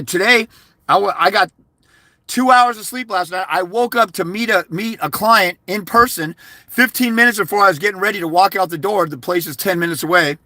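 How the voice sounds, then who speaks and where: A man's voice: high voice, sharp tone, no room sound. Combative man ranting, dry close sound. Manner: insulting, combative, preachy. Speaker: YouTuber giving fathers' rights advice. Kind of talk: angry vlog rant.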